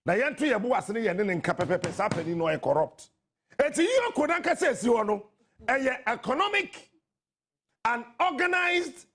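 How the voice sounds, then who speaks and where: A man with a Ghanaian accent hosting a radio talk show, delivering impassioned political commentary that mixes English and Twi, often shouting. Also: very high-pitched, slightly rough. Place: radio studio.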